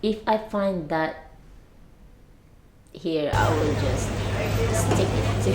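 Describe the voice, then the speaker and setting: Lady vlogging, slow easygoing chat, keeps giggling and restarting, kinda high voice, echoey room. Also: sing-song, a crowd in the background, noisy background. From Philippines. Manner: chatty and giggly, trailing off and restarting. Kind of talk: casual chat to camera. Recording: roomy echo.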